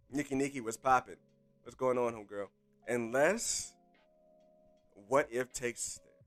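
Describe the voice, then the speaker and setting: A man's voice: mid-range voice, a bit bright. Hyped man chatting with his stream. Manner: hyped, talks to live chat. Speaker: streamer host. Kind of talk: casual live-stream chat. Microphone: desk microphone.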